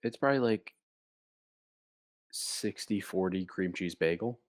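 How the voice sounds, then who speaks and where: A man's voice: sits low, unhurried, dry recording. A young man co-hosting a comedy podcast, telling rambling, playful stories in casual chat. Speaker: podcast co-host.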